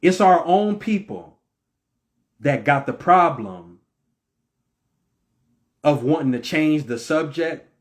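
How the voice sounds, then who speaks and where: Impassioned preachy man, fairly high voice. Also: lively intonation, slow, long pauses. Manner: preachy, repetitive, stammers "or, or". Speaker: religious commentator. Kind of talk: impassioned monologue.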